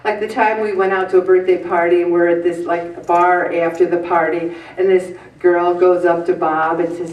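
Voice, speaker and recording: Heard from a distance in an echoey meeting room, this woman in her fifties leads a weight-loss group with a preachy, earnest pep talk broken up by jokes. She speaks at normal speed with hardly any pauses, in a fairly low, flat, darkish voice whose highs are cut off.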